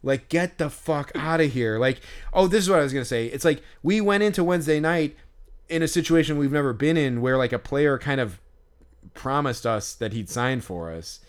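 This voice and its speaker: Smooth-voiced man telling a rambling story. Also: medium pitch, fairly quick. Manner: rambling, many fillers, swears freely. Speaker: podcast co-host. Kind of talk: casual storytelling chat.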